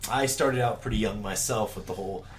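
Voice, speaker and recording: A man's voice: on the low side, brisk, a crowd in the background. A man co-hosting a podcast in casual chat, rambling and laughing often. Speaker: podcast co-host.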